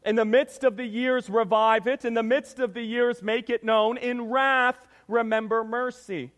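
A man's voice: extremely high pitch, fairly even intonation, unhurried, few pauses, a bit bright. A man preaching a sermon as pastor, reading scripture and praying, with an emphatic delivery that often calls the listeners church. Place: church sanctuary. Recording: long reverb of a church hall.

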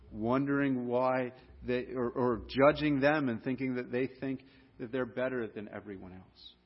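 An earnest man preaching, his slightly husky voice pressing into emphatic warnings. The sound is dull and muffled, with a long reverb trailing each phrase as if in a large hall. His voice sits a bit high for a man. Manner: earnest, rises to emphatic exhortation with repeated warnings. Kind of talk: sermon.

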